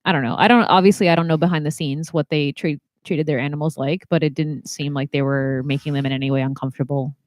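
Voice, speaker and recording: A woman co-hosting a casual podcast, playful and quick to laugh. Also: low voice, steady tone, no room sound. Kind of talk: casual chat.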